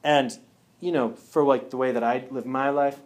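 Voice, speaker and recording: A man's voice: mid-range voice, steady tone, normal speed. A man speaking casually to a live audience at a wellness talk. He often checks in with "yeah?" and "right?".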